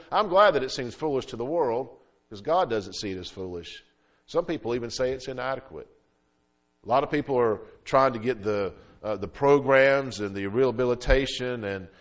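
A man preaching a sermon as pastor, calling out amen and swinging between loud emphatic peaks and low quiet drops. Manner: preaching with frequent "amen" calls and fillers.

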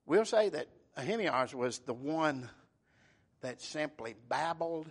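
Folksy preacher man, loud-to-hushed swings. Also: a little high, expressive, takes it slowly, vocal fry. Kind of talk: sermon.

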